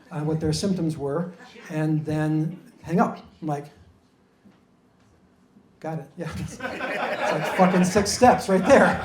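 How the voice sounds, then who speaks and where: High-voiced man doing self-deprecating stand-up. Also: a little mellow, echoey room. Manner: self-deprecating, bumbling storyteller. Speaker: stand-up comedian. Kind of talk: stand-up comedy set.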